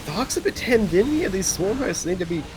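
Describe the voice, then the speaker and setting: A man casting a live strategy game in a relaxed, chatty way, half asleep, with many pauses and small laughs. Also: high-pitched, background noise. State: sleepy. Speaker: esports caster. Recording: faint game music underneath.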